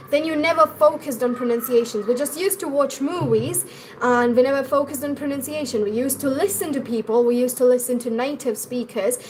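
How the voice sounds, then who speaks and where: A woman's voice: high voice, a little hiss or hum, poor audio. A young woman with an Indian English accent, teaching pronunciation in a chatty live-stream lesson and talking straight to her viewers. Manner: chatty, repeats and restarts, addresses viewers directly.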